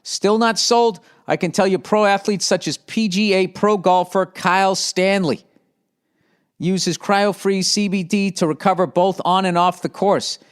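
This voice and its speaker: A pompous mock-British ad reader, as a man puts him on, pitched up well above his usual voice. He reads the script in a grand, exaggerated way and keeps stumbling over it. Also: fairly even intonation, a little slow, smooth. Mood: mock-posh. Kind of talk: comic ad read.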